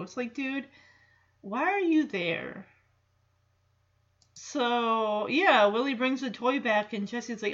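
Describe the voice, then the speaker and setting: Slow, chatty woman reacting to a film. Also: a little high, expressive, a bit bright, dull audio. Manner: chatty, many fillers and asides. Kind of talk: casual film reaction commentary.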